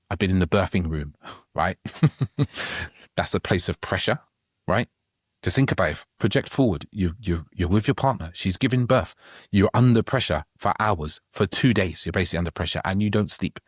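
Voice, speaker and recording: A man's voice: lowish voice, dry recording, clean studio sound. A middle-aged man talking through relationship advice in a conversational podcast monologue, often checking in with "right?". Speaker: relationship coach.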